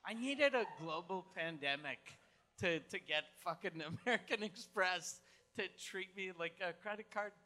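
Bright-voiced joking podcast man. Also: high-pitched, lively intonation. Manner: crude, joking, quick interjections. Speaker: podcast co-host. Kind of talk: casual comedic chat.

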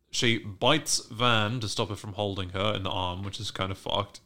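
A man with a low but bright, forceful voice chats through a TV recap on a podcast. He swears freely and jumps into the characters' voices as he retells each scene. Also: moderate pace, hardly any pauses. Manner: animated, profane, acts out characters' lines. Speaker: podcast host recapping a TV show. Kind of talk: casual recap chat.

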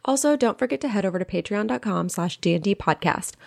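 A woman's voice: medium pitch, lively intonation, fast talker, creaky. A woman co-hosting a podcast, reading a scripted promotional outro in an upbeat, punchy way. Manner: upbeat, punchy ad-read delivery.

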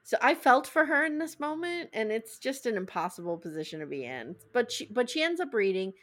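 Woman podcast host, fairly high and very lively voice, playful storyteller. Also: brisk. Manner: animated, acts out scenes in funny voices. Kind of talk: casual recap chat.

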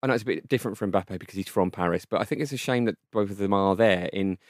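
A man talks fast in a lowish voice, co-hosting a football podcast. He has a wry, dry humour. The recording is close and dry. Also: no echo. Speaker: podcast co-host. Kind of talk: casual chat.

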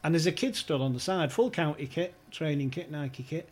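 A man spins a lively yarn in a slightly high, husky voice, laughing as he goes. He acts out every character in the story with relish, in a loose, chatty podcast manner. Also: moderate pace. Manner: animated storyteller, laughs often, acts out quotes. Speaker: podcast guest. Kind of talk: casual anecdote telling.

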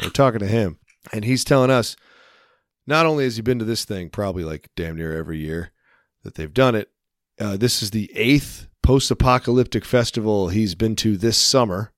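Guy on a podcast rambling thru a story, swears a lot, kinda low voice, dry close sound. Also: no echo. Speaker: podcast co-host. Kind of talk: casual chat.

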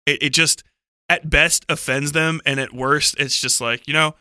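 A man's voice: a little high, steady tone, moderate pace, pushed and bright, clear, resonant tone, no echo, clean studio sound. A man on a book club podcast, telling a rambling, profane anecdote full of "like" and self-corrections. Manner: profane, digressive storytelling with frequent laughter; heavy use of "like" and self-corrections.

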